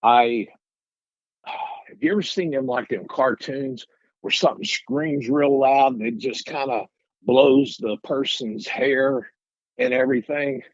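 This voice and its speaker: Speaking at a slow pace in a mid-range voice, a middle-aged guest from Arkansas relates his encounter in a rambling, folksy way, often restarting. The recording sounds muffled and has no room sound.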